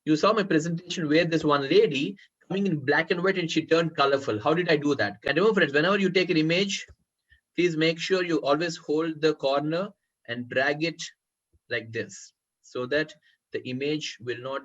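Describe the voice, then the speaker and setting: A man running a live software tutorial as a workshop trainer, often calling his listeners friends and checking whether they can see the screen. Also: on the high side, normal speed. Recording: muffled lo-fi recording.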